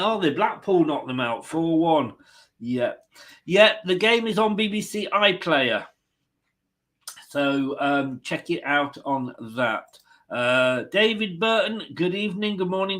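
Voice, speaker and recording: Chatty fan-channel host. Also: male voice, fairly high pitch, a bit bright. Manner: chatty, jokey, reads out viewer comments. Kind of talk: live watchalong chat.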